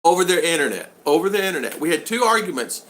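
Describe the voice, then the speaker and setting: A man's voice: a little high, sing-song, fast. An older man hosting a casual live-stream vlog, rambling along and reading out viewer comments. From United States. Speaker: vlog host.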